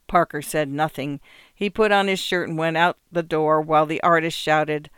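Guy reading a short story out loud, calm steady pace, crisp dry sound. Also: on the high side, no echo. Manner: measured, subdued reading. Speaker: narrator. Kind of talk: scripted story narration.

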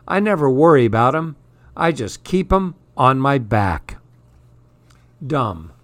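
A man hosting a radio program, reading children's stories and poems aloud with expressive delivery. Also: medium pitch, slow, no room sound.

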